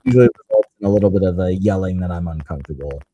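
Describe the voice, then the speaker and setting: A man's voice: low-pitched, racing, warm tone, slight background noise. A man in his thirties co-hosting a podcast, telling family stories in casual chat and laughing at himself. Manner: laughs while telling stories, self-deprecating. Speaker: podcast co-host.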